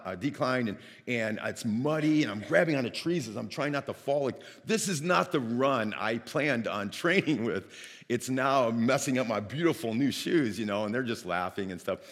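A man from Northeast Ohio preaching a sermon, telling a lively personal story and acting out the dialogue. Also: mid-range voice, moderate pace, long reverb tail. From Northeast Ohio, United States.

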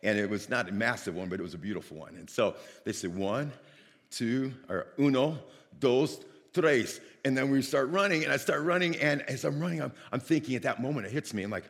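Animated preacher in a reverberant hall. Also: male voice, mid-range voice, fast talker, vocal fry, few pauses. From Northeast Ohio, United States. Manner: animated storyteller acting out dialogue. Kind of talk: sermon with a personal story.

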